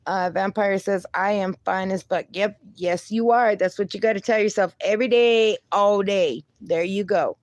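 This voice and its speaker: A woman's voice: mid-range voice, moderate pace, few pauses, no room sound. A young woman hosting a casual livestream, reading viewer comments aloud and answering them with upbeat encouragement, laughing often and swearing a little. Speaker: livestream host.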